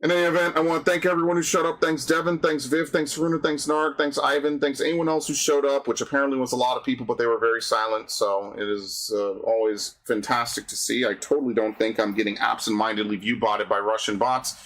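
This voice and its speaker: A man's voice: medium pitch, level tone, quick pace, hardly any pauses, a bit bright, low-quality recording. A young man hosting a casual game stream with a mid-range voice. He rants freely and crudely, swearing often. His banter is loose and unpolished. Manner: crude, profane, ranting banter. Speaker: streamer host.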